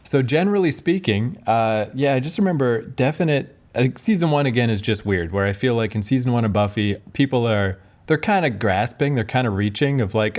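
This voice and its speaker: A man co-hosting a casual podcast chat, animated, swearing and acting out what people said. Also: medium pitch, a little fast. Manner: animated, swears, acts out quotes. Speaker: podcast co-host.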